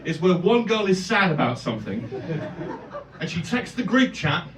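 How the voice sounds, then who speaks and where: High-voiced comedian, echoey club. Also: male voice, normal speed, crowd noise. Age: 30s. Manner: animated, swearing, bursts into loud exclamations. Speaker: stand-up comedian. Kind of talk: stand-up set. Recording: echoey club heard from a distance. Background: audience laughter.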